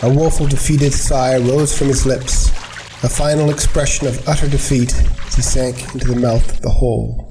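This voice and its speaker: A man narrating a scripted story in a measured, unhurried way. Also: medium pitch, flat delivery, gravelly, background noise.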